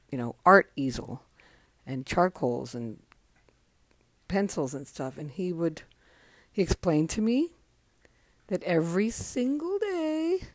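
An overtired woman tells stories on her podcast from home, rambling, correcting herself as she goes and acting out quotes in a casual monologue. Her voice is lowish, and the recording has no room sound.

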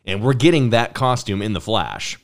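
Low-voiced man hosting a podcast. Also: animated, normal speed. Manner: enthusiastic, repeats words when starting a thought. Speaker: podcast host. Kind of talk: casual podcast chat.

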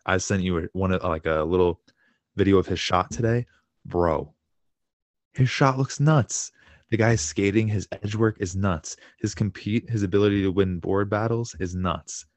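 A young man co-hosts a sports podcast from home, where he's laid up with a fractured shin. His low-pitched voice moves at normal speed with no room sound as he chats casually, gets worked up, swears, and laughs through his stories.

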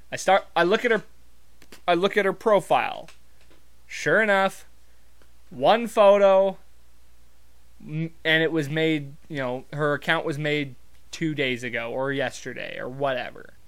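A man's voice: fairly high pitch, measured pace, long pauses, fairly bright tone. Wry, rambling man from Montana. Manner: rambling, profane, wry, with many fillers. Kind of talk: casual storytelling monologue.

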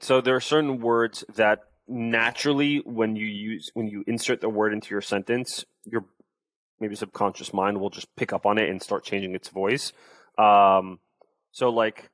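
Low-voiced man coaching on sales talk. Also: steady tone, normal speed, fairly bright tone, no room sound. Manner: explanatory, demonstrates tones of voice. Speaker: sales coach, interview guest. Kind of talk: casual interview talk.

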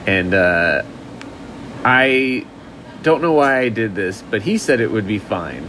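A man's voice: fairly low pitch, expressive, slow, fairly bright tone, a little hiss or hum. A man hosting a casual podcast, often stammering and repeating words as he talks. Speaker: podcast host.

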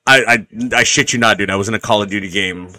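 A man hosting a casual podcast chat, his voice deeper and rougher from acid reflux, rambling and swearing with many restarts. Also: fast, sharp tone. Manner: rambling and profane, with frequent restarts. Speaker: podcast host.

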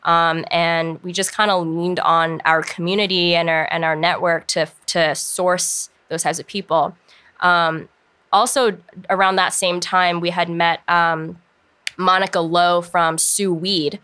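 Bright, smooth young woman chatting casually. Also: fairly low pitch, little pitch movement, measured pace. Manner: chatty, filler-heavy, frequent "um" and "like". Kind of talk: casual podcast chat.

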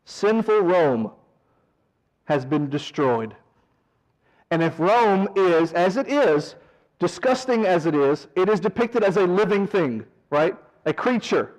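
A man leading a verse-by-verse Bible study, animated, swinging from loud emphasis to quiet asides and mocking mourners in a whiny voice. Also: high voice, slow pace, low-quality recording. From American South. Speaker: Bible teacher.

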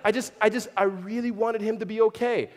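A man's voice: sits high, steady tone, brisk. A man preaching a sermon to a congregation in a church, speaking conversationally and slipping in dry humorous asides. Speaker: pastor. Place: large church hall with a congregation. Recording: long reverb of a big hall.

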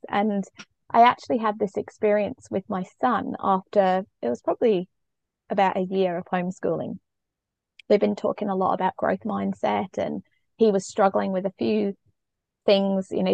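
This middle-aged woman, a parenting coach, speaks as a podcast guest with earnest, reflective openness in conversational storytelling. Her creaky, darkish voice is medium-pitched and fairly even at a moderate pace, recorded with no room sound but dull audio.

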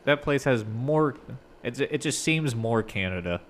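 A man's voice: mid-range voice, lively intonation, a little slow, a little hiss or hum. A man chatting casually as co-host, swearing often and drifting between topics. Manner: profane, loose and digressive. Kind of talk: casual chat.

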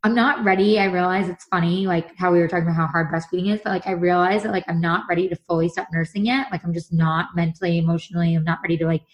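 Talking very fast with few pauses, this thirties-aged woman has a fairly low voice. As a co-host in casual chat, she tells stories in a lively, talkative way and performs other people's quotes.

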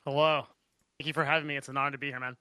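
Co-host, male, bright crisp voice, dry close sound, easygoing. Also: medium pitch, flat delivery, racing, dry recording. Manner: polite, laid-back, hesitant fillers. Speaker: podcast co-host. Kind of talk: casual podcast chat.

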